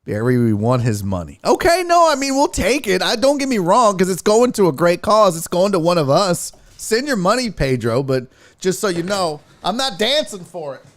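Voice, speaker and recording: A man's voice: high voice, sing-song, normal speed. A man hosting a sports livestream in casual chat, joking around with playful, crude banter while reading viewer donations. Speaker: sports show host.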